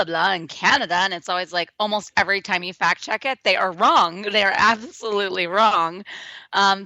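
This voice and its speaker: Bright, chatty talk-radio woman. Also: on the low side, creaky, dry recording. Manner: chatty, rambling, lots of restarts. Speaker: radio show co-host. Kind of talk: casual political talk radio chat. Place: radio studio.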